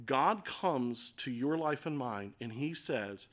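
A man preaching a sermon as pastor, moving from quiet, earnest passages to loud, passionate declarations and acting out quoted voices. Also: medium pitch, expressive, slow pace. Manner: acts out quoted voices with rhetorical questions.

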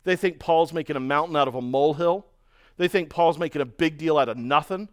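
A man preaching a sermon, telling stories in a lively way and acting out the voices of other people. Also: sits high, brisk. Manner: storytelling, animated, mimics voices in quotes. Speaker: pastor.

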